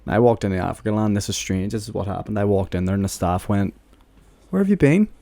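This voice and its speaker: Playful podcast guest. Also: male voice, fairly low pitch, flat delivery, vocal fry, mellow, no echo. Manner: playful storytelling, quick to banter. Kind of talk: casual comedy chat.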